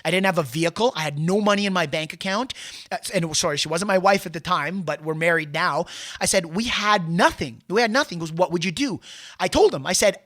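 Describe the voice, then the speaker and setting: Male sales-show host, high-ish voice, animated storyteller who stumbles and restarts. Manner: animated, retells dialogue with many restarts. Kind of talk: casual storytelling monologue.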